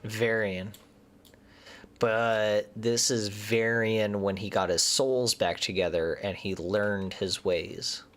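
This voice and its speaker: A man's voice: on the low side, fairly even intonation, slow pace, a bit bright, soft background music. A man giving casual commentary as he plays a game, chatting and thinking aloud, sometimes muttering nervously under his breath. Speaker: gaming streamer.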